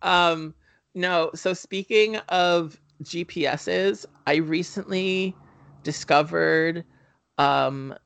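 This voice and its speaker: A man's voice: on the high side, drawn-out words, vocal fry, a bit bright, smooth, no room sound. A man co-hosting a casual movie-review podcast, talking in a loose, rambling way with lots of "um" fillers. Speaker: podcast co-host.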